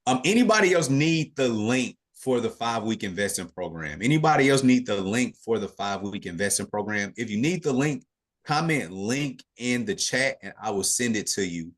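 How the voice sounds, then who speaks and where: A man hosting a live online investing class, answering questions over a video call in a relaxed way, with many fillers and restarts. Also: fairly low pitch, moderate pace.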